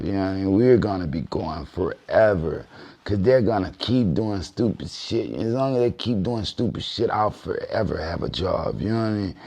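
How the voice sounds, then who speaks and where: A male host in a relaxed, slangy flow, his voice dropping low and unhurried. He talks like he's chatting with regulars, easy and loose. Nothing is pushed hard. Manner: laid-back, low, slangy plugs. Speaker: channel host. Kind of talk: casual commentary and sign-off.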